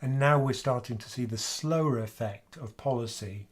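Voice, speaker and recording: A man's voice: medium pitch, normal speed. A man hosting a finance livestream from home, with a sore throat, talking casually and thinking aloud with fillers. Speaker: finance channel host.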